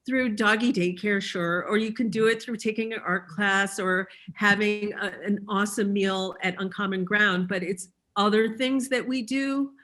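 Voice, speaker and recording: A woman on a business panel who runs a school, speaking earnestly and often pausing to find her words. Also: medium pitch, steady tone, a bit bright. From Chicago. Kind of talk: panel discussion.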